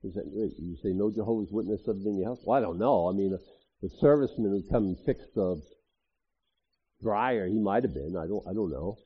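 A man's voice: lowish voice, a little fast, breathy edge. A man who is a pastor, preaching a sermon in a conversational way with frequent asides. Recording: dull lo-fi audio.

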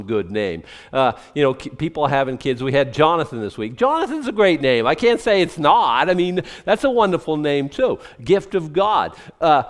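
A male pastor delivers a sermon in a loose, conversational way, joking and circling back on his words. His voice sits slightly higher than most men's, with frequent swings between soft asides and louder bursts. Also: long reverb tail. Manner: conversational, jokey, many restarts and asides.

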